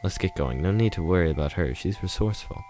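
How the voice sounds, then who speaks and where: A man reading as a gentle young girl narrator. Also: low voice, lively intonation, quick pace, slight background noise. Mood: earnest. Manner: soft, earnest, inner monologue. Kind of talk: reading a visual novel aloud.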